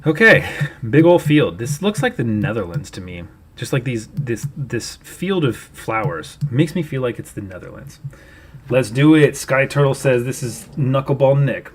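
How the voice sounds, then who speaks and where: A man's voice: mid-range voice, slight background noise. Chatty man explaining on a livestream. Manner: chatty, explaining and thinking aloud. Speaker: livestream host. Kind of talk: casual livestream chat.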